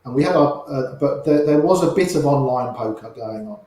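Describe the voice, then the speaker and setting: In a very echoey room, an older guest casually tells anecdotes, acting out the quoted voices of the people in his tales. He speaks briskly in an animated, mellow voice of medium pitch.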